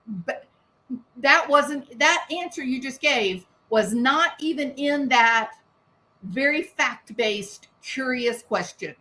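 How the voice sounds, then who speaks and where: A woman's voice: high voice, animated, slow, pushed and bright. A woman giving sarcastic, indignant commentary on a press conference, firing off rhetorical questions.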